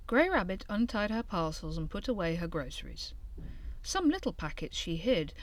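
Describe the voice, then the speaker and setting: A woman reading a children's storybook aloud in an expressive, lively way. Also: on the low side.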